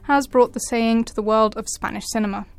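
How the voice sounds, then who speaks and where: A woman presenter reading scripted news and introducing a studio guest, clear and measured. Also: on the high side, fairly even intonation, background noise. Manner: clear, measured broadcast delivery.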